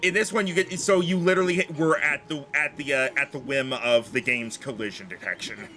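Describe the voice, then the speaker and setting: A man's voice: medium pitch, brisk, faint music behind. A young man streaming a game, joking around and swearing in casual commentary. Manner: animated, joking, swears freely.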